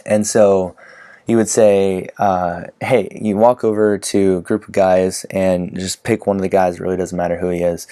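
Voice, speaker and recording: A man's voice: low voice, little pitch movement, measured pace, mellow, smooth. A man teaching dating advice in a casual, conversational way, acting out sample lines with frequent fillers. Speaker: dating coach. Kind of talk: casual instructional talk to camera.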